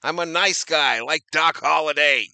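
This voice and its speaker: A man putting on the voice of a meek, mustached male pitcher who protests his innocence. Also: a little slow, pushed and bright, no echo, full character voice. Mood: defensive. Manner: mock-innocent, defensive.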